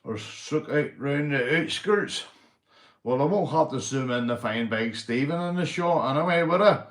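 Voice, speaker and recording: A man's voice: fairly high pitch, expressive, normal speed. Rambling Northern Irish man, roomy echo. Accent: Northern Irish (Belfast). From Northern Ireland. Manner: rambling, swears a lot, says mate and big up constantly. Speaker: livestream host. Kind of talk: casual livestream chat, reading out viewers.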